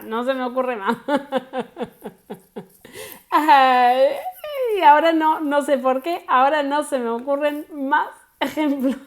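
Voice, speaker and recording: Bilingual woman teacher drilling phrases. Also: a little high. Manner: repeats phrases slowly for practice, chatty asides. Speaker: English teacher. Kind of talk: bilingual language lesson.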